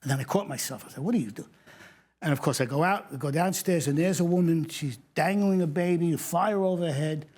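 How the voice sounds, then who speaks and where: A man's voice: fairly high pitch, a little fast, few pauses. A man, a retired fire captain telling stories in a casual interview, acting out what people said and laughing often. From New York. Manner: animated storyteller, acts out quoted lines, laughs often.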